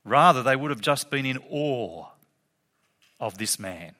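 A man preaching a sermon, animated and emphatic, often laughing. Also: mid-range voice, a little slow. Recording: long reverb of a hall.

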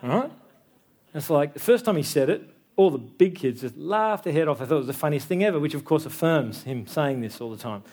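A man's voice: a little high, lively intonation, fairly quick, a little mellow. Conversational man preaching a sermon. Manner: conversational, tag questions like "yeah?". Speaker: pastor. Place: church.

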